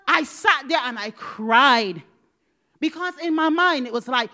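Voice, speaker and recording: A woman's voice: high voice, animated, measured pace. Dramatic woman preaching a testimony. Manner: dramatic, swings from loud exclamations to hushed whispers; acts out quoted dialogue with God. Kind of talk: personal testimony sermon.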